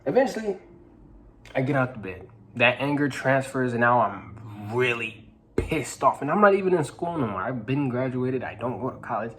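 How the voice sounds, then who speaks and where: A nineteen-year-old man earnestly telling a personal story to camera, halting, with many restarts and repeated phrases, sometimes dropping to a hush. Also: mid-range voice, animated, a little hiss or hum. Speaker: vlogger. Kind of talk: personal testimony told to camera.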